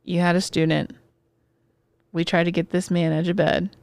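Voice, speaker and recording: A woman co-hosting a podcast, telling a work story in casual chat, animated and profane. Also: lowish voice, moderate pace, gravelly, heavy background noise. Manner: animated, profane, acts out quoted voices. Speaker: podcast co-host, therapist.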